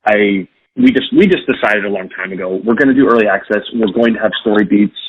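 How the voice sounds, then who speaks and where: A game studio director talks through his choices candidly, often restarting his sentences as he thinks. His voice sits low and a little husky. The recording sounds dry, dull and lo-fi. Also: quick pace. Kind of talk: casual podcast interview.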